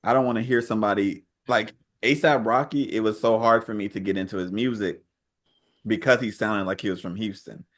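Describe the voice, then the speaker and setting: A man's voice: on the low side, fairly even intonation, a little fast, a bit bright. A man co-hosting a podcast, giving firm opinions in a laid-back slangy casual chat. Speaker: podcast co-host.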